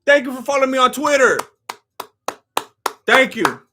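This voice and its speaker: A man doing live reaction commentary on a fight, ranting and often shouting, pausing to thank new followers. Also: extremely high pitch, animated, background noise. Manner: thanks followers by name between rants. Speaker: live fight companion streamer.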